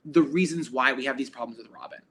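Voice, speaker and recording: A man co-hosting a podcast in casual chat, emphatic and quick to exclaim. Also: medium pitch, a bit bright, husky. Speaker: podcast co-host. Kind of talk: casual chat recapping a reality show.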